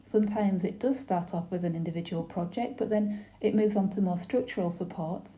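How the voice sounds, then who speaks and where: Interpreting a webinar panel in real time, a woman speaks formally and deliberately, occasionally pausing briefly or restarting. Her voice is mellow and medium in pitch.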